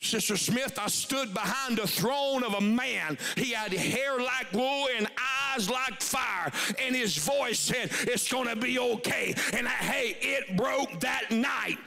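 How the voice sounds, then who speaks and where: A man preaching a revival sermon, shouting at times and dropping to a hush at others. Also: very high-pitched, takes it slowly, creaky, few pauses. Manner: shouting, swinging from loud to hushed.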